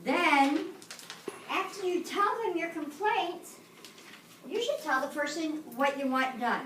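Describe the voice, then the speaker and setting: A woman's voice: high-pitched, lively intonation, slow, a bit bright. A woman teaching a class, patiently asking her students questions and walking them through steps. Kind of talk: classroom lesson. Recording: echoey room, distant mic, noisy.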